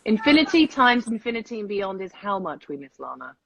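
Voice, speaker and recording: A woman with a dry, close sound, chatting casually on a live video call. She is blunt and jokey, quick with a teasing reply. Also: medium pitch, big pitch swings, vocal fry, no room sound. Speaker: co-host of a live video chat. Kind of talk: casual chat.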